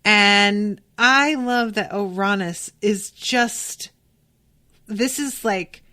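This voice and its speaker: A young adult woman hosting a podcast, reading a novel aloud and breaking off into casual, profane, excited reactions. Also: mid-range voice, very slow. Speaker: podcast host.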